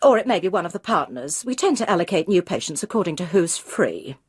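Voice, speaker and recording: A woman's voice: fairly low pitch, very animated, fairly quick, slightly rough. A woman reading aloud, voicing a cagey, guarded female receptionist at a dental surgery.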